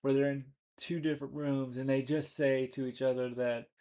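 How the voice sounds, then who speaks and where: A man's voice: mid-range voice, flat delivery, moderate pace, mellow. A man hosting a casual movie talk, recapping scenes in a rambling way with many restarts and fillers. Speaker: movie review host.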